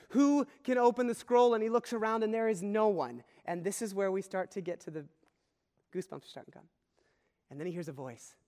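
Man preaching, high voice, earnest storyteller, long echo of a big hall. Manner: earnest, storytelling preacher with dramatic swings in volume. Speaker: pastor. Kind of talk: sermon. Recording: long reverb of a large hall.

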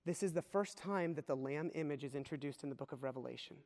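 A man's voice: on the high side, fast talker, darkish tone. Male pastor, sermon delivery, earnest and dramatic, recorded in a reverberant sanctuary. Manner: earnest, storytelling preacher with dramatic swings in volume. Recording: long reverb of a large hall.

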